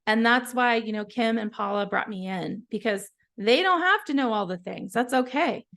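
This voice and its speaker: Woman, app founder, casual tutorial delivery, slightly high voice with a gravelly edge, chatty and encouraging. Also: lively intonation, normal speed, fairly bright tone. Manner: chatty, encouraging, trails off and restarts. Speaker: app founder giving a product walkthrough. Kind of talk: casual live software tutorial.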